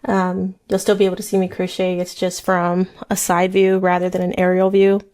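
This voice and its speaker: Woman, thirties, fast rambling casual chat, frequent swearing, podcast host. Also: on the low side, monotone, darkish tone. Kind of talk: casual true crime chat while crocheting. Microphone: headset mic, then removed.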